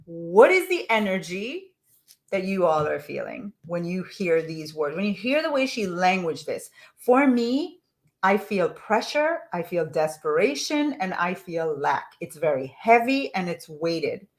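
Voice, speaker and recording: A woman's voice: on the low side, very animated, unhurried. A woman money mindset coach leading a live coaching call, reading a listener's message aloud and asking her audience to reflect on it.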